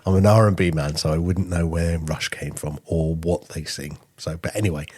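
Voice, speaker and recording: A man's voice: sits low, steady tone, moderate pace, a little mellow, breathy edge. A man co-hosting a podcast, chatting in a light-hearted, joking way. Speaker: podcast co-host. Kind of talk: casual podcast chat.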